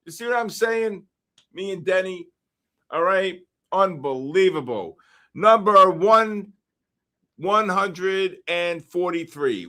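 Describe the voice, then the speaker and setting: A man hosting a livestream, reading out numbers and usernames for a giveaway and getting excited about each winner. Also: sits high. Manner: excitable, shouts when names are drawn. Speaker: livestream host. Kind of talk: live-stream giveaway draw.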